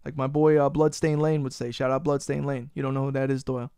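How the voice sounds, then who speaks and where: A man's voice: medium pitch, little pitch movement, fast, warm tone, smooth, dry recording, studio quality. A man hosting a casual podcast. He rants, swears freely and teases his co-host. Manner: profane, ranting, teasing his co-host.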